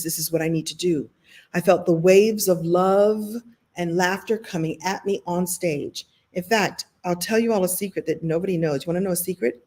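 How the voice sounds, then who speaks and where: Animated woman telling a motivational story. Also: mid-range voice. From Brooklyn, New York. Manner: animated, self-deprecating, shifting pace and loudness. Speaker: host and motivational speaker.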